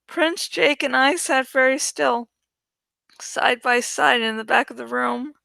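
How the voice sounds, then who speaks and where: A woman reading a novel aloud in first-person audiobook narration, slow and deliberate. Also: sits high, steady tone, gravelly, sharp tone, dry recording. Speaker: audiobook reader.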